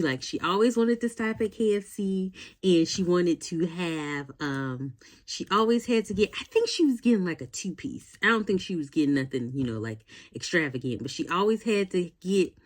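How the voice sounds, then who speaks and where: A woman in her forties telling a casual, rambling story to her vlog audience, full of fillers and asides. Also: lowish voice. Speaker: vlogger.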